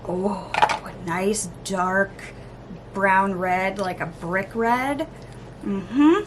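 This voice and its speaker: A woman vlogger chatting casually through an unboxing, gushing, gasping and cooing with excitement. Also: medium pitch, extremely slow, background noise. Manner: gushing, excitable, lots of gasps and oohs. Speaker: beauty vlogger.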